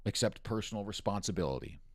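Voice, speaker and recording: Low-voiced man ranting, angry and profane. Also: lively intonation, fast talker, no echo. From United States. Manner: angry, profane, mocking rant. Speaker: news commentary host. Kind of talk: ranting political commentary stream.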